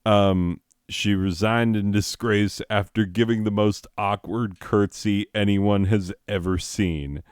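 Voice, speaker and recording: A man's voice: fairly low pitch, fairly even intonation, slow pace, few pauses, smooth, no echo, clean studio sound. A man doing profane, sardonic stand-up comedy, ranting about the news of the year.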